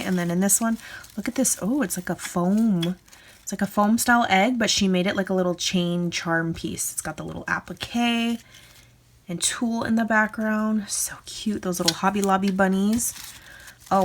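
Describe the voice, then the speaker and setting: A woman opening happy mail at her craft table, talking in a loose, gushing stream full of fillers. Her pitch sits in a plain middle range. Paper crinkles and clicks come through clearly under her voice. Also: slight background noise. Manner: gushing, chatty, lots of fillers. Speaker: craft channel host. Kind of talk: casual unboxing chat. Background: crinkling paper and clicks from handling mail.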